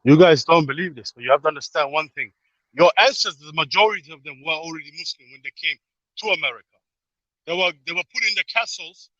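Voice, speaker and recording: A man, a guest on a casual podcast, telling a story in an animated, emphatic way. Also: a little high, fast, no echo, highs cut off. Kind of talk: casual chat.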